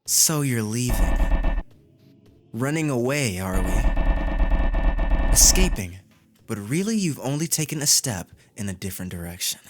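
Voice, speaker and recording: A man's voice: mid-range voice, sing-song, unhurried, pauses often, loud music behind the voice. A man reading the lines of a flirtatious male robot AI in a visual novel game, speaking in a sultry, insinuating way. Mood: teasing, insinuating.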